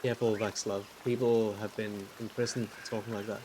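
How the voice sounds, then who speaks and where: A man's voice: on the low side, little pitch movement, a little fast, background noise, lightly acted. A man reading the part of a curious, polite young monastery artist aloud from a game, in his own plain voice. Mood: calm.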